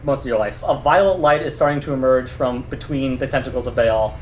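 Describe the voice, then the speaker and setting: A man running a tabletop game, telling the scene in a loose, rambling way full of "um"s. His voice sits mid-range, and a steady noise hums behind the table talk. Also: mid-range voice, brisk, low-quality recording. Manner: relaxed, rambling with fillers and laughs. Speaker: game master.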